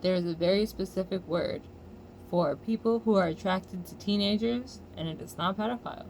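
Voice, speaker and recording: An American woman vlogger delivering a heated, profane commentary rant with loud outbursts. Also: mid-range voice, normal speed, a little hiss or hum.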